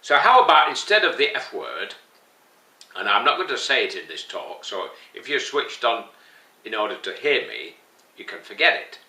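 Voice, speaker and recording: Man, slow halting delivery, earnest and gently humorous, lively pitch, bright tone, echoey room. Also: distant mic. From England. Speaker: vlogger. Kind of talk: spoken opinion piece.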